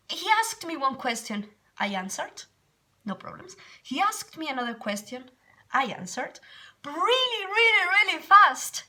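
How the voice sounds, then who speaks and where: A young Spanish woman, an English teacher, telling a story in a casual vlog with a Spanish accent, animated, laughing often and repeating words for emphasis. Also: very high voice, unhurried. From Spain.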